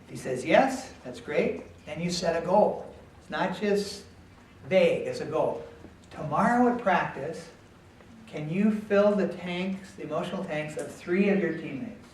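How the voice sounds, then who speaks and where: Man speaking calmly in an echoey hall. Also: a little high, unhurried, slight background noise. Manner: calm, explanatory, with frequent ums. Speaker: speaker at a coaching workshop. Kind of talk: talk with audience Q&A. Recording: echoey hall, far from the mic.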